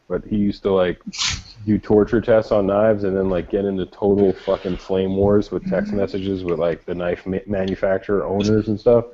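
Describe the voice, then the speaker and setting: A man's voice: low voice, warm tone. A man co-hosting a casual podcast chat, rambling with enthusiasm and plenty of swearing. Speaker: podcast co-host. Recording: dull lo-fi sound.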